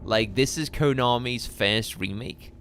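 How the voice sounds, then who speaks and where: A man streaming a live game playthrough, chatting with viewers in a relaxed, musing way. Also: medium pitch, measured pace, soft background music. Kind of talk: live gameplay commentary.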